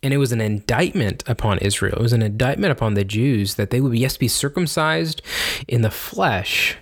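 A man's voice: mid-range voice, animated, normal speed. A man teaching on baptism in a casual, conversational way, often checking in with "right?" and restarting his sentences. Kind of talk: informal teaching talk.

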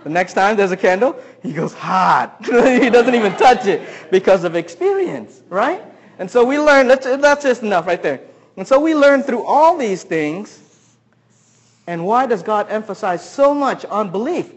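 Guy with a pretty high voice giving a sermon, asks the crowd lots of questions, goes loud then quiet. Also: expressive, moderate pace. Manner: asks the audience many questions. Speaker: pastor.

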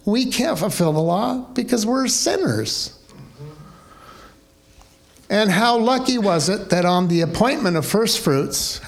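A man's voice: high voice, sing-song, slow pace, creaky, long pauses. Male pastor asking rhetorical questions. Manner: conversational, rhetorical questions, wry. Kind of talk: sermon.

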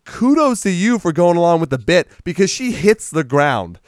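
A man casually recapping a movie in conversation, jumping into loud animated impressions of the characters and swearing freely. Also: sits high, normal speed, no echo, studio quality. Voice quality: animated retelling, acts out characters in a raised voice, swears. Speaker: podcast co-host.

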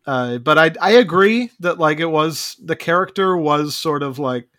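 A man's voice: on the high side, lively intonation, moderate pace, a bit bright. A man in a casual movie discussion, talking hesitantly with hedges and restarts. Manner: hesitant, hedging, frequent restarts.

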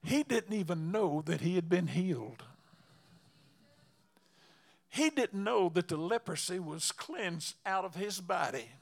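A man preaching a storytelling sermon, halting and repeating words, breaking into fervent exclamations. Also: high-pitched, animated, creaky.

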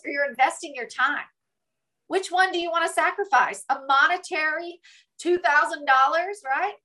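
Bright, high-voiced woman coaching with drive. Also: low-quality recording. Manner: emphatic, peppered with "right?" tags. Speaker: business coach. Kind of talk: motivational talk.

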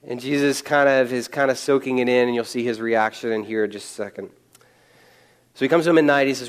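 In a medium-pitched voice, a man delivers a conversational sermon on a Bible passage. He's animated and casual, dropping quick asides and chuckling along the way.

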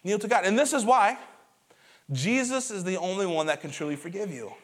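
A male pastor preaching a sermon to his congregation in a church, in a conversational way, telling stories with lively emphasis and repeated words. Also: high-pitched, a little fast. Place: church auditorium before a congregation.

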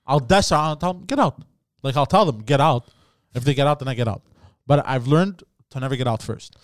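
Animated man telling a story, dry close sound. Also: medium pitch, brisk, dry recording. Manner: animated storyteller, acts out shouting quotes, heavy swearing and "bro". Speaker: podcast host. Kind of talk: casual chat, storytelling.

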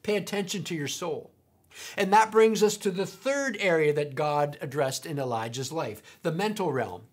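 A woman preaching a sermon, emphatic, repeating key points slowly. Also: low-pitched, animated, husky.

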